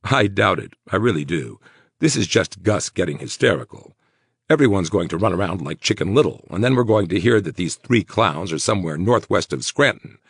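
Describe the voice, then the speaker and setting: A man's voice: deep voice, lively intonation, brisk, gravelly, breathy edge, dry recording, clean studio sound, exaggerated voice. A man voicing a laid-back, teasing former cop with a wry, easygoing delivery. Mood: joking.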